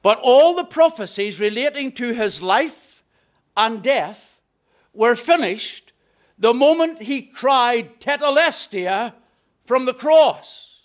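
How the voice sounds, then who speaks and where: A Northern Irish man preaches with a strikingly high voice. He delivers his sermon at a slow, deliberate pace. His emphasis swells and then sinks to a near hush. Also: expressive. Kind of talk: gospel hall sermon.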